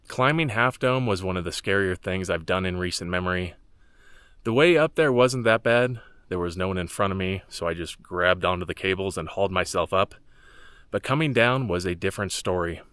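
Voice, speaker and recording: A man narrating his long-distance hike in a dry, deadpan vlog style, delivering jokes flatly. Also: deep voice, smooth, no room sound. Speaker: hiking vlogger. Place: outdoors on a mountain trail.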